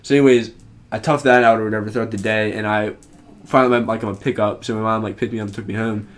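Fast-talking young man rambling a story. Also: lowish voice, fairly even intonation. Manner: rambling, heavy use of "like" fillers. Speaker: podcast co-host. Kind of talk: casual storytelling.

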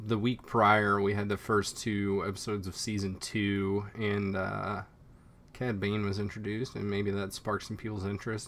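A man co-hosting a podcast in relaxed casual chat, speaking in quick bursts with fillers. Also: lowish voice. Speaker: podcast co-host. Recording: faint background noise.

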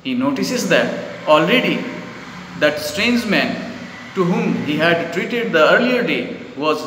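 A male English teacher explaining a literature chapter to children, pausing to define words and calling them "children". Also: a little high, very animated, fairly bright tone, a little hiss or hum. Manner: explains word meanings, addresses the children repeatedly. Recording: echoey room with long reverb.

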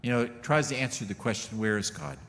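A man's voice: medium pitch, quick pace, fairly bright tone. A middle-aged man preaching a sermon in a casual, folksy way, full of asides to the congregation. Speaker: pastor. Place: church sanctuary. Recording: long reverb of a church hall.

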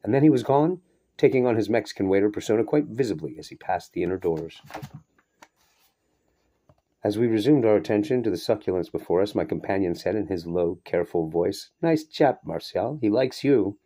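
A man reads a short story aloud at a steady, measured pace. His voice sits low, with a dark, mellow tone. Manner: steady, measured reading with brief asides. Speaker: reader. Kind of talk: audiobook narration of a short story.

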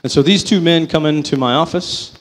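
Man telling a faith testimony in a hall. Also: a little high. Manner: storytelling, swings between slow emphatic and quick phrases. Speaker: company vice president giving a testimony.

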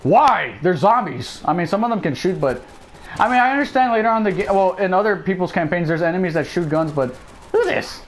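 A man's voice: high-pitched, lively intonation, a little fast, slight background noise, poor audio. A man giving casual let's play commentary, cracking sarcastic jokes as he plays. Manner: joking, sarcastic running commentary. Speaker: gameplay commentator.

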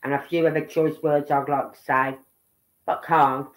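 A woman's voice: low-pitched, level tone, normal speed, low-quality recording. A middle-aged woman from Birmingham with a Brummie accent, chatting rambly on a livestream and tagging her points with "right?". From Birmingham, England. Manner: chatty, rambling, keeps tagging "right?" and "you know what I mean". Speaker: livestream host. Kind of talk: casual livestream commentary.

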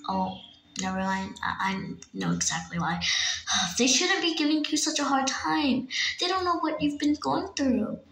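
A woman voicing a hurt, bullied young female pet who speaks softly with sighs in a toy pet fan drama. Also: high voice, expressive, moderate pace, reverberant, a little hiss or hum, poor audio. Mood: sad. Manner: quiet, subdued, sighing.

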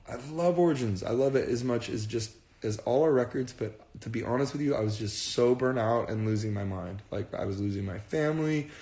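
Man, casual livestream chat, earnest, rambling, roomy echo, medium pitch. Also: mellow. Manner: earnest, rambling, repeats himself. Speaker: band frontman on a livestream. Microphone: phone.

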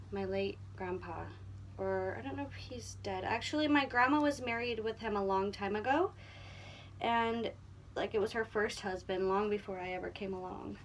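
A young woman chatting casually to camera as a vlogger, playful and animated while showing off clothes in a houseboat. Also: on the high side, a little hiss or hum. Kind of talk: casual vlog chat. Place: houseboat interior.

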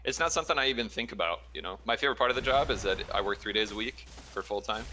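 Man, nurse guest, casual storyteller, lowish voice, crisp bright tone. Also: racing, a little hiss or hum. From Chicago area. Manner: relaxed storytelling with fillers and laughs. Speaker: ER trauma nurse, caller. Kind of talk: casual chat.

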